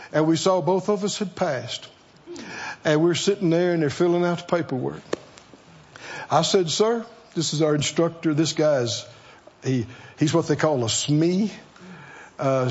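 Slow, high-voiced man preaching. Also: dull audio. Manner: call-and-response, rhetorical questions to the congregation. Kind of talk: sermon.

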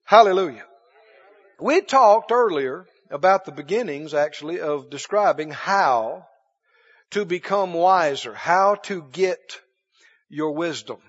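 A man's voice: a little high, animated, takes it slowly, slightly rough. A man preaching a sermon to a church congregation, emphatic and full of rhetorical questions. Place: church sanctuary. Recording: dull, reverberant church recording.

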